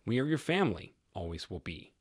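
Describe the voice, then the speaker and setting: A man's voice: on the low side, sing-song, fairly quick, slightly rough, dry recording, studio quality. A man voicing a loyal, kind woman who reassures a friend in a story reading. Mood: reassuring.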